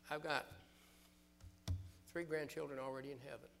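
An older man from the American South preaching a fervent sermon, building loud through scripture and dropping low and quiet for personal stories. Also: flat delivery, normal speed, gravelly, faint music behind.

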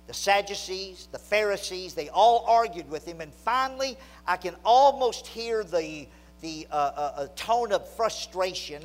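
High-voiced preacher, loud to hushed. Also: male voice, low-quality recording. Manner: swings from loud excited storytelling to low hushed emphasis. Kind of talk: sermon.

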